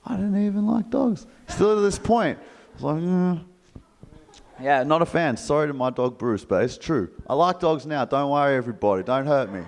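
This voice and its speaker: A man's voice: on the high side, moderate pace, vocal fry. A man with an Australian accent telling a jokey story to a live audience, acting out the voices of the people in it. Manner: animated, jokey, acts out quoted voices. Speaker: motivational speaker. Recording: reverberant hall.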